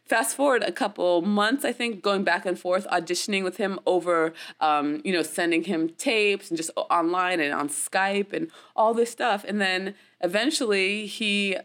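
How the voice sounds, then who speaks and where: A woman's voice: mid-range voice, normal speed, hardly any pauses, fairly bright tone. A woman from the United States, an actress, telling a story in a casual interview in a chatty way, with frequent laughs and many fillers.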